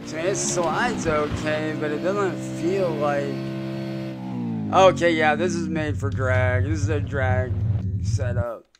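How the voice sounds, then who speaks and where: A man's voice: fairly high pitch, takes it slowly, loud music behind the voice. Casual young man streaming a game. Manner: loose, swearing, mocks trolls, excitable about cars.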